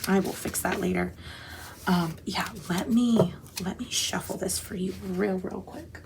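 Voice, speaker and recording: A woman's voice: mid-range voice, fairly even intonation, measured pace, creaky, noisy background. A woman hosting a casual tarot chat, gushing and rambling, often breaking off mid-thought. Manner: gushing, chatty, rambling with self-interruptions. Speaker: tarot channel host.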